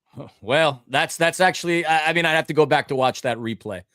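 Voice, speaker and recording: A man's voice: on the high side, brisk, fairly bright tone, no room sound, clean studio sound. A man co-hosting a casual sports podcast, rambling and ranting, often stumbling over his words. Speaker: podcast co-host.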